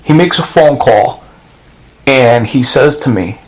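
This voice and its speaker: A man's voice: medium pitch, expressive, slow pace, a little hiss or hum, poor audio. A middle-aged man in an agitated, rambling monologue, acting out other people's words as he goes. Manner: intense, rambling, acts out other people's quotes. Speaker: vlogger.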